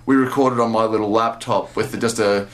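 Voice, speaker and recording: A young man from Australia, a bass player, recounting his story with many pauses, fillers and restarts. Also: steady tone. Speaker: bass player and interview guest. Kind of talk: casual storytelling interview.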